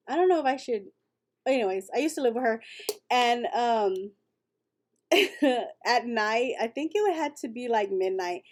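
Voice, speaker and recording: On her late-night livestream, this West Texas woman chats away, telling stories and reading out comments from viewers. She has a fairly high voice with a darkish tone.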